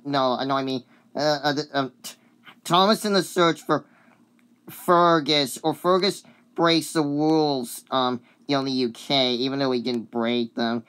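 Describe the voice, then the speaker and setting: This is a sick vlogger with a cough who talks in a slow, unhurried way about a favorite cartoon song. The voice is smooth and clear. The talk rambles and hesitates, filled with fillers and apologies. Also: medium pitch, fairly bright tone. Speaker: video uploader.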